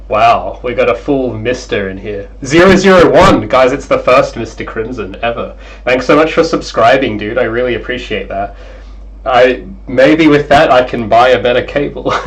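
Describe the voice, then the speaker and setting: A young man streaming as a game developer, chatting casually and excitably, apologizing often, over a cheap gaming headset mic. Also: medium pitch, poor audio. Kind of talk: casual livestream chat.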